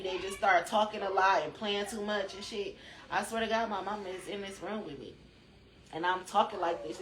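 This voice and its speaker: A woman's voice: mid-range voice, a bit bright, roomy sound. A woman hosting a rambling spiritual chat, drowsy, chatty and loosely profane, talking from a room at home. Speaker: spiritual channel host.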